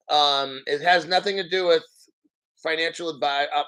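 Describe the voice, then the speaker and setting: Male, 50s, slightly high-pitched; loose, mocking, profanity-heavy channel-host rant. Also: moderate pace, bright, forceful tone, smooth. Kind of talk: casual unscripted rant to viewers.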